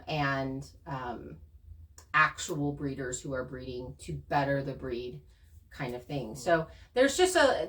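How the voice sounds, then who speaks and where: Woman, low voice, earnest storyteller, a little distant from the mic. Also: slight background noise. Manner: earnest, animated storytelling with laughs. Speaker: channel co-host. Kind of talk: casual conversation.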